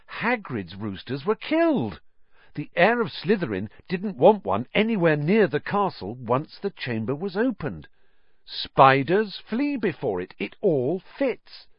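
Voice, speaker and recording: A man's voice: on the high side, unhurried, breathy edge, dry recording, dull audio, voice pushed up, full character voice. A man voicing an anxious, eager boy wizard of about twelve, piecing clues together urgently. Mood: intent. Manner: urgent, excited working-out of clues.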